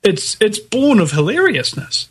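A man's voice: sits high, huge pitch swings, measured pace, slightly rough. A man with a New Zealand accent chatting as a podcast guest, wordy and playful with mock-formal phrasing. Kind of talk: casual podcast chat.

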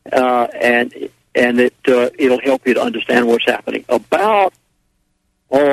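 A man's voice: medium pitch, dry recording, low-quality recording. Man, radio guest, folksy rambling storyteller, dry close sound. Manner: folksy, rambling, acts out quoted voices. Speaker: radio talk show guest. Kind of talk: casual radio interview storytelling.

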